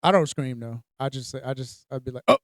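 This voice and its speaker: A man co-hosting a casual podcast, telling stories in an animated way and acting out his own reactions. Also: mid-range voice, quick pace, dry recording. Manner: animated storytelling, heavy cursing, acts out reactions. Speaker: podcast co-host. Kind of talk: casual chat.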